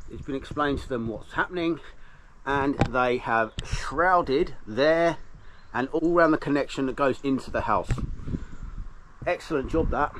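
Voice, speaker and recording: A man's voice: on the high side, noisy background. Chatty man vlogging outdoors. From England. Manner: chatty and rambling, with many restarts. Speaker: roof cleaning business owner. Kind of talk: casual vlog narration. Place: outdoors at a house with a garden.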